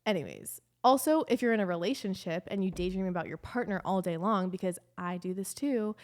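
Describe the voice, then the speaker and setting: Animated young woman telling a story. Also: mid-range voice. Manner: animated, candid, swears freely, lots of "like". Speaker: podcast host. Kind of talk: casual storytime chat.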